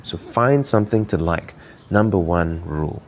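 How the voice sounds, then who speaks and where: A man's voice: low-pitched, expressive, normal speed, darkish tone, slight background noise. A man from Malaysia hosting a podcast, giving earnest, encouraging coaching talk while thinking aloud. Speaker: podcast host.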